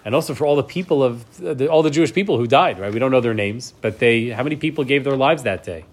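A man's voice: mid-range voice, fast. A man teaching a class, reading Hebrew verses and explaining them in English, often checking in with "right?". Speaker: Torah teacher. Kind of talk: class lecture.

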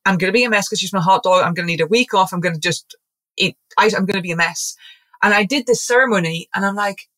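A woman in a casual podcast conversation talks earnestly and at length. She circles back and restarts her sentences often. Her voice sits at an ordinary middle pitch. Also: fast talker, fairly bright tone. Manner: earnest, rambling, frequent restarts; acts out quoted voices. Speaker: guest, zoologist and shamanic practitioner.

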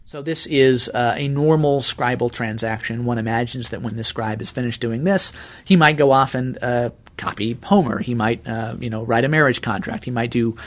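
A man of middle pitch speaks in an interview as an archivist. He explains steadily and carefully, with a measured, unhurried manner.

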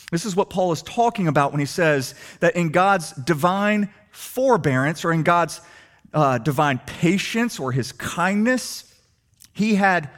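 Animated male preacher, fairly high voice. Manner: animated, rhetorical questions, shifting loud and soft. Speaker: pastor. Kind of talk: sermon.

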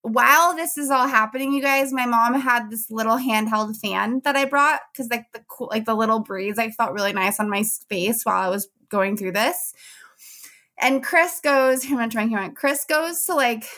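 A young woman, a podcast host, telling a story in casual chat, animated and laughing often as she acts out what people said. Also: fairly high pitch, normal speed. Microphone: podcast mic.

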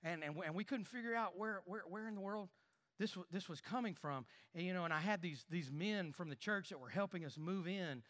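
A man preaching a sermon, animated, with repeated words, quiet asides and loud emphatic lines. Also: high voice, brisk. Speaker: pastor.

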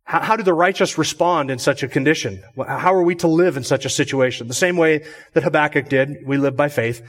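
A pastor with a fairly high voice delivers a measured expository sermon. He repeats phrases for emphasis and raises his voice on key words.

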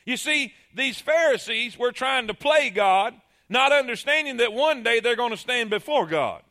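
A man's voice: extremely high pitch, lively intonation, normal speed, bright, forceful tone. A man preaching a sermon, emphatic and calling on the congregation to answer.

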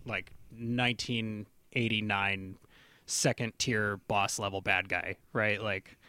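Animated man hosting a podcast. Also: lowish voice, slow pace, clear, resonant tone, no echo. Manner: laughing, animated and rambling. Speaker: podcast host. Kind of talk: casual chat.

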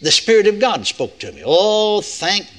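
A man's voice: high-pitched, very animated, a little slow, a bit bright. An older man, preaching a sermon with folksy, playful asides to the audience. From United States. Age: 60s.

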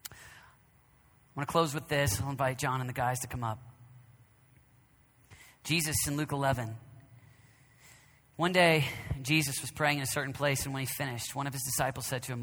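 Forceful preacher in a reverberant hall. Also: male voice, mid-range voice, fairly even intonation, moderate pace, pauses often. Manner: swings between loud declarations and hushed whispers; emphatic, repeats phrases. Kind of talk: sermon.

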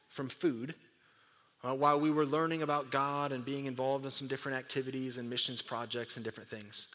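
A man preaching a sermon as a pastor, swelling with emphasis on scripture readings and dropping to quiet phrase endings. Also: mid-range voice, long reverb tail.

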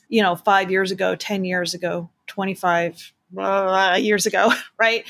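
A woman's voice: medium pitch, steady tone, measured pace, gravelly, few pauses, fairly bright tone. A woman reporter hosting an interview, chatty and thinking aloud with lots of fillers. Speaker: podcast host and reporter. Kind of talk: interview conversation.

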